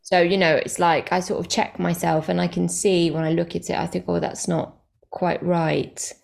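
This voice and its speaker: A woman stand-up comedian chatting as an interview guest, talkative and quick to correct herself, with lots of fillers. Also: on the low side, flat delivery, gravelly. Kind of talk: casual interview chat.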